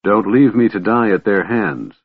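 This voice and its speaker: A man's voice: lowish voice, normal speed, breathy edge, no echo. A man doing a weary, pleading warrior. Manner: weak, pleading, hesitant. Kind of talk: audiobook character reading. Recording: tinny phone-like audio.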